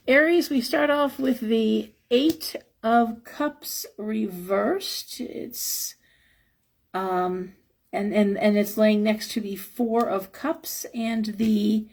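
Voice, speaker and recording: Reading tarot cards live, a woman offers frank advice and occasionally chuckles. Her voice is fairly high and darkish in tone, yet hoarse, husky and a little worn, with a gravelly, crackling edge.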